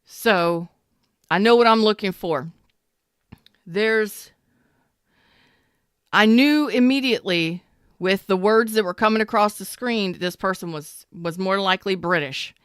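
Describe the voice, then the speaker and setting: A woman, a tarot reader and love coach, chatting casually and bluntly on a livestream with animated storytelling. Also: medium pitch, unhurried, long pauses, clean tone, no echo, clean studio sound.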